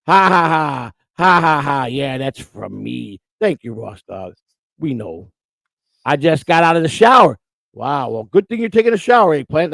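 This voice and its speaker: A man's voice: fairly high pitch, creaky, no echo. A man hosting a casual live stream, joking and teasing as he reads chat messages aloud on a streaming mic. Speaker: host.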